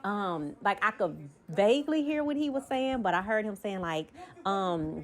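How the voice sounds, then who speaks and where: A woman's voice: medium pitch, lively intonation, measured pace. A young woman, a podcast co-host telling a long story in a rambling way, full of ums and you-knows. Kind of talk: casual storytelling.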